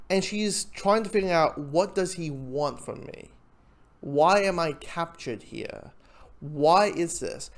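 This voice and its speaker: A TV reviewer giving a casual spoken episode review, excitable and swearing, loudly quoting their own reactions. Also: medium pitch.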